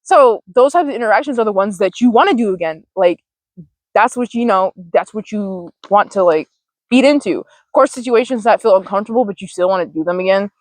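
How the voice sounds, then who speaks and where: A woman hosts a podcast in a loose, rambling monologue, swearing freely and filling her talk with "like". Her voice is mid-pitched and recorded close and dry, with no room sound. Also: lively intonation, brisk, a little mellow, dry recording. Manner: chatty and profane, heavy use of "like". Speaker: podcast host. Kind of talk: casual monologue.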